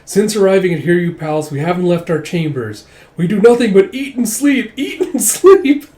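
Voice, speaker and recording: A man putting on a fretful, squeaky young warrior. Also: very animated, moderate pace. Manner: high, loud, exaggerated complaining. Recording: roomy echo.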